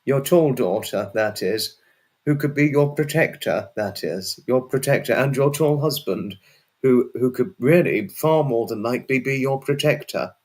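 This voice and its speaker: A man's voice: mid-range voice, a little slow, a little mellow. A man hosting a casual livestream and chatting with viewers. He rambles and repeats himself, and now and then breaks into a sweary outburst. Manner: rambling and repetitive, often restarts and repeats phrases. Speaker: livestream host. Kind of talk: casual livestream chat, answering viewers' messages.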